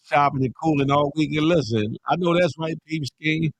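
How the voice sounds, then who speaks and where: A middle-aged man hosting a casual live morning show, animated and slangy, calling out chat names and preaching a little. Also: fairly high pitch, moderate pace, no echo. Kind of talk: casual live-stream chat reading viewer comments.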